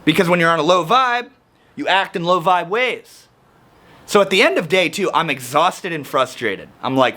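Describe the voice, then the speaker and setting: A man's voice: a little high, lively intonation, normal speed, sharp tone. A man talking about his week in a casual personal vlog, rambling with slang and frequent restarts. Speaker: vlogger.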